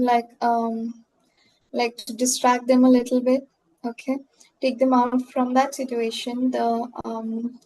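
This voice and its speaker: A woman's voice: fairly high pitch, dark tone, poor audio. A woman teaching an online class over a video call. She explains patiently and fills her talk with "um" and "like". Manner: explains patiently, full of fillers like "um" and "like".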